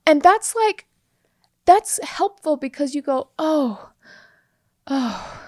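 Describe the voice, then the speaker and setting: A woman co-hosting a podcast in casual chat, animated, often laughing and acting out sample phrases. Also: high-pitched, a little slow, no room sound, clean studio sound. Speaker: podcast co-host.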